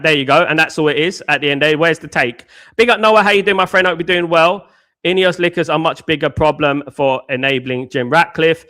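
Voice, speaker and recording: Hosting a live fan show, a man answers chat with casual, slangy banter and fires off combative rhetorical questions. His voice is a little high, pushed and bright.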